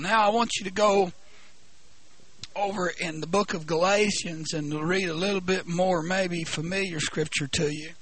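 Hoarse preacher, high and bright. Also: male voice, steady tone, no room sound. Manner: halting, repeats words, bursts into shouting. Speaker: pastor. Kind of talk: sermon. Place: church.

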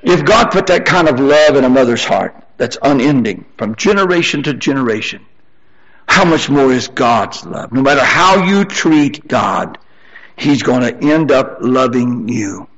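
An older man preaching a sermon, repeating his phrases as he presses his congregation, then dropping into quieter storytelling. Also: expressive, unhurried, muffled recording. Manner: rising to high-pitched emphatic exhortation, then softer storytelling.

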